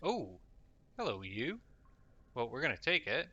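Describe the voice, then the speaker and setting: A man's voice: medium pitch, very animated, a little slow, lo-fi sound, heavy background noise. A man hosting a let's play, chatting casually through his gameplay and reading the game's text aloud. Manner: casual, reads game text aloud, self-directed chatter. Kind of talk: gameplay commentary.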